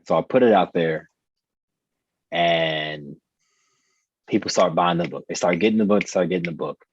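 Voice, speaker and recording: A deep-voiced man in his thirties speaks earnestly and reflectively, leaning on repeated phrases for emphasis. His voice is husky, and the recording is dry and slightly muffled. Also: moderate pace, no echo. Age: 30s. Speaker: podcast guest, author. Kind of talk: personal storytelling in conversation.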